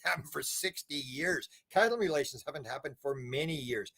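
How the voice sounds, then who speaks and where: Male interview guest, slightly higher voice, rambling, acts out quoted voices. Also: lively intonation, fairly quick, few pauses, a bit bright, slightly rough. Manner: rambling storyteller, repeats words, acts out quotes. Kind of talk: casual interview talk.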